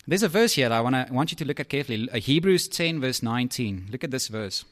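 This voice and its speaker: A man preaching a sermon in a lively, conversational way, with asides to his listeners. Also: medium pitch, fast talker.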